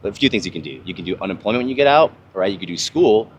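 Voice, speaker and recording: A young man with a very low voice, swearing freely and rambling through stories in a casual podcast chat. His talk is loose, full of fillers and restarts, over a faint ambient hiss. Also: expressive, rapid-fire. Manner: profane, rambling storyteller. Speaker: podcast host, army veteran. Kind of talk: casual conversation.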